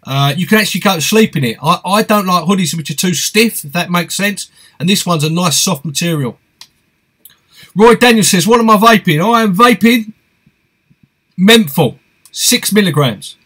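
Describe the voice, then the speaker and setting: A man's voice: high voice, expressive, normal speed, a bit bright, husky. A man hosting a live stream, reading out viewer comments and answering them in a chatty, friendly way. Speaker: host of a fishing live stream.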